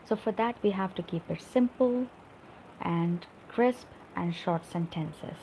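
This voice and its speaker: Gravelly-voiced woman teaching spoken English. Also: lowish voice, slow, dark tone, a little hiss or hum, rough recording. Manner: explains with examples and frequent tag "right?". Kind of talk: live online English lesson.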